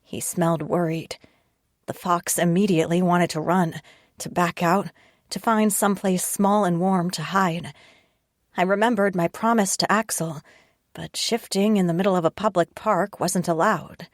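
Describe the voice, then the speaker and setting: A woman's voice: lowish voice, fairly even intonation, normal speed, dry recording. A woman reading a first-person audiobook narration with a tense, wry inner voice, close to a studio mic.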